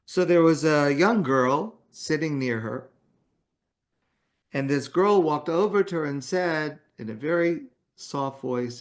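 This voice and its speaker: A man's voice: on the high side, slow. A man giving a morning talk as a rabbi, telling a story in a conversational way. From Canada.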